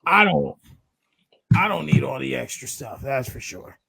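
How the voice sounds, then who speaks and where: A man's voice: medium pitch, lively intonation, unhurried, gravelly, a bit bright, breathy edge, no room sound, low-quality recording. A young man co-hosting a sports podcast, talking casually and rambling, often repeating his words as he goes. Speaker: podcast co-host.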